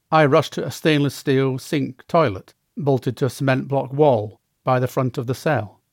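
Brief: a male memoir narrator, measured delivery, mid-pitched, dry and close. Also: dry recording. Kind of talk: first-person audiobook narration.

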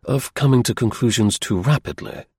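A man's voice: mid-range voice, a little mellow, husky, no echo. Man reading as a cool, lecturing detective. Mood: measured. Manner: measured, explaining, a little dry. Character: sharp, aloof male detective, calm and lecturing.

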